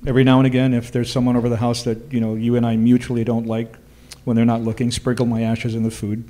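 A man's voice: medium pitch, completely flat delivery, fast talker, mellow. A man with a Hawaiian accent who tells ghost-tour stories in a laid-back, dry-humored way during a casual chat recorded live in a bar. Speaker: ghost tour guide and storyteller.

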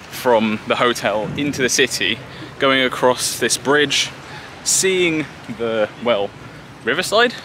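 A man's voice: mid-range voice, background noise. A young man from Britain, chatting in a rambling, self-deprecating way to a handheld camera while walking through a city. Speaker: travel vlogger. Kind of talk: casual vlog monologue to camera. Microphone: handheld camera at arm's length.

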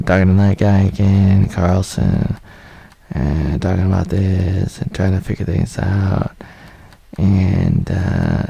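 A man's voice: low-pitched, gravelly, dark tone, breathy edge, no room sound. A man in his thirties giving a loose, rambling spoken review of a series, full of fillers and half-finished thoughts. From United States (Oregon). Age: 30s. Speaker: video reviewer. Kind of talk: casual spoken review over footage.

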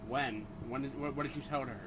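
A man's voice: mid-range voice, steady tone, brisk, a bit bright, rough recording. A man playing a shooter with a friend, explaining the game bluntly and swearing casually. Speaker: gamer. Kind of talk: casual gaming banter.

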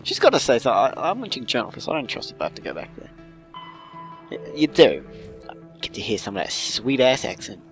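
A man gives loose, casual commentary while he plays a game. He rambles, swears and jokes to himself, his pitch moving a lot, over faint game music. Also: huge pitch swings, fast. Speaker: gamer playing through a story game.

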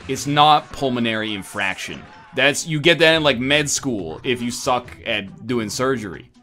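A man's voice: mid-range voice, animated, moderate pace, sharp tone, faint music behind. Laughing young man reading game prompts. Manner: reads prompts aloud, laughs a lot. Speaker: stream regular. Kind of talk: casual chat while playing a party game.

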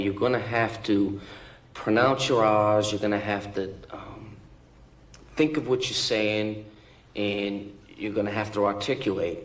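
Measured, low-voiced man. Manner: measured, instructive. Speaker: interviewee. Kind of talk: earnest advice. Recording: roomy, distant recording.

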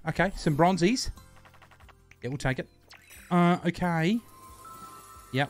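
A man's voice: a little high, unhurried, pauses often, faint music behind. A man hosting a casual livestream, bantering crudely, greeting his chat and repeating himself as he plays. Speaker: livestream host.

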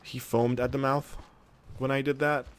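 A man's voice: medium pitch, level tone, normal speed. A man casually commenting while he plays a video game, reacting aloud, joking to himself and answering viewer comments. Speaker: gaming video host. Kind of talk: casual let's-play commentary.

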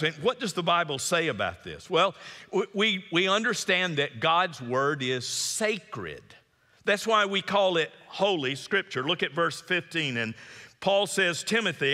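A middle-aged man preaching a sermon as pastor, emphatic and repetitive, swinging between loud exhortation and hushed earnest tones. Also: high-pitched. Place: church sanctuary. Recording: long church reverb.

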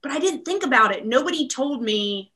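Bright-voiced chatty woman, upbeat. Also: high voice, lively intonation, a little fast. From Maryland, USA. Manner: chatty and upbeat, laughs often, many fillers. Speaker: real estate team leader, interview guest. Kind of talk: casual interview chat.

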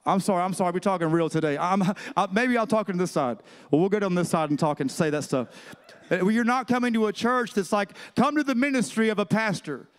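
A man's voice: high-pitched, lively intonation, fast, smooth. A man preaching a sermon as pastor, talking conversationally and calling out to his congregation. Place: church sanctuary. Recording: reverberant church hall.

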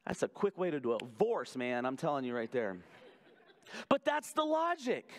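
A man preaching a sermon as pastor, talking conversationally with sarcastic asides and slowing right down on emphatic phrases. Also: medium pitch, huge pitch swings, a faint crowd.

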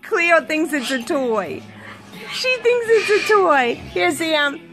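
A woman's voice: very high voice, very animated, slow, music in the background. A woman keeper talking in sing-song baby talk to her pet birds in an indoor bird room, coaxing them to say hello. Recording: loud bird squawks around her. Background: birds squawking and chattering.

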